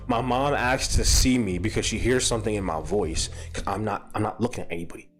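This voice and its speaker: A young man spins a personal story for his viewers, casual and profane, laughing as he goes. His voice sits at an everyday pitch, then shoots high when he acts out his own outbursts. Faint music plays behind him. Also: fast, few pauses. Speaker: streamer. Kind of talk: casual storytelling to a live chat.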